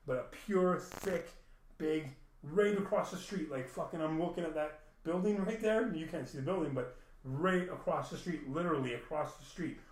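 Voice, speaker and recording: A man's voice: a little high, normal speed, roomy sound, low-quality recording. A man rambling through an emotional personal story, repeating himself and swearing often.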